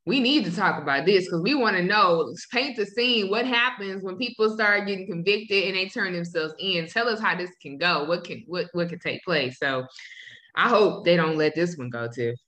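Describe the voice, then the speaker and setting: A woman's voice: fairly low pitch, normal speed, sharp tone. A woman co-hosting a casual podcast, talking about a TV episode in an emphatic, insistent way. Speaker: podcast co-host. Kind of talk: casual chat recapping a TV episode. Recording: roomy echo.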